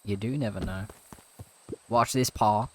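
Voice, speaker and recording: A woman's voice: rumbling low, measured pace, darkish tone, slight background noise. A woman voicing a cocky young boy with a country accent in a video game playthrough, with background music.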